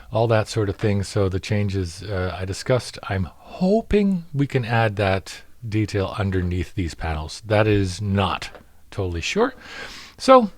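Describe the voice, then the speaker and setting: A man with a fairly low voice talks through his scale model build in a casual update. He stumbles, restarts and fills gaps with ums, and his enthusiasm comes through. The sound is close and dry, with no room echo. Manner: halting, full of fillers and restarts, grows excited. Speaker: scale model maker showing his work.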